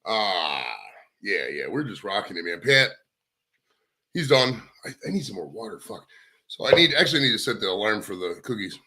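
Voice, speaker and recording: A man's voice: fairly low pitch, big pitch swings, normal speed, sharp tone. A man hosting a live stream, chatting casually in a crude, rambling, profane way. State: out of breath. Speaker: livestream host.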